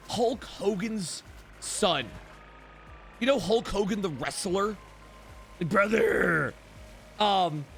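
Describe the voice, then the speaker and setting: A man's voice: high-pitched, fairly bright tone. A young man streaming, telling a rambling story to his chat with lots of "like" and restarts.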